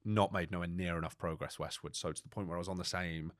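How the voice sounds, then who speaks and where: A man speaks as a podcast guest in a low, deep register, rattling through his story at a fast clip. He talks in a lively, slangy way, correcting himself mid-sentence as he goes, and sometimes sounds choked up. The recording is dry and close, with no room sound. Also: dry recording. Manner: brisk, animated storytelling full of British slang and self-corrections. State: choked up at times. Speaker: guest, record-setting ocean rower.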